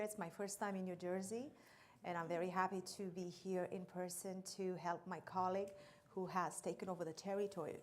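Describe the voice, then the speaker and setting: A woman's voice: on the low side, a little hiss or hum. A woman with a Romanian accent giving a training presentation on risk management to church treasurers, earnest and explanatory, stressing key terms. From Romanian descent. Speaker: insurance trainer.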